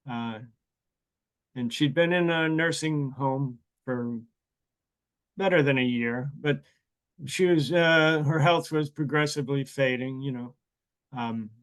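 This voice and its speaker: A man hosting an interview, talking in a measured, hesitant way with frequent fillers. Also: medium pitch, clear, resonant tone, poor audio. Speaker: interview host. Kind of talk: conversational interview.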